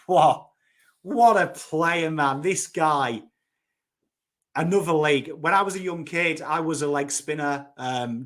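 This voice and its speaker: A man's voice: medium pitch, a bit bright. A man in his thirties with a Yorkshire accent, chatting casually and enthusiastically about cricket, blunt and a bit sweary. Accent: Yorkshire English. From Northern England. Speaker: cricket YouTuber. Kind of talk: casual chat.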